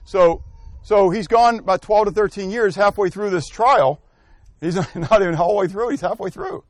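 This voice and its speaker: Leading an interactive scripture lesson, a high-pitched man speaks animatedly at normal speed, asking his class questions and calling on people by name. He thinks aloud and corrects himself, and the studio sound is clean with no room sound.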